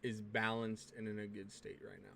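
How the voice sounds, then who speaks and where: A man's voice: fairly low pitch, completely flat delivery, moderate pace, pushed and bright, slight background noise. A man hosting a casual gaming podcast, laid-back and swearing freely. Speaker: podcast host.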